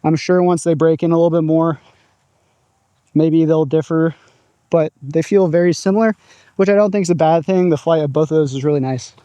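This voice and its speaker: Man, casual outdoor vlogger, chatty and upbeat, warm dry voice. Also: fairly high pitch, fairly even intonation, fairly quick, no echo. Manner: upbeat, chatty, narrating his own throws. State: out of breath at times. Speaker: disc golf vlogger. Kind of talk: casual outdoor vlog commentary. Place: open field outdoors.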